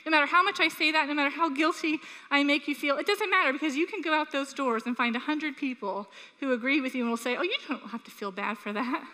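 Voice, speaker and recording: A woman preaches with a high, bright voice that rings out across a church hall with a long reverb. She tells a childhood story with animated energy, then turns to earnest appeals to her listeners. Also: quick pace, hardly any pauses. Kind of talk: sermon with personal story.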